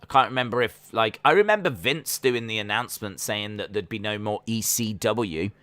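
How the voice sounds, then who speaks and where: Man, live stream watch-along host, bright tone, dry close mic, answers chat between calls. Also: moderate pace, no echo. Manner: breaks into high-pitched disbelief when excited. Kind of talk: casual watch-along commentary.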